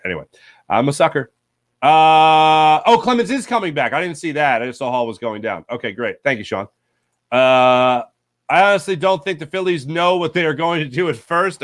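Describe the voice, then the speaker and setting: A man hosts a loose sports talk stream, working through viewer comments with rambling, jokey asides and quick self-corrections. His voice sits a little higher than most men's. The sound is dry and close, with no room around it. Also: fairly bright tone, no room sound. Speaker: sports talk show host. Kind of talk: casual live-stream chat reading viewer comments.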